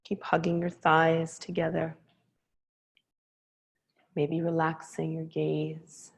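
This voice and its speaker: A woman teaching a yoga class, giving slow, calm, soothing cues to her students. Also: low-pitched, vocal fry, low-quality recording. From Hawaii. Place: yoga studio.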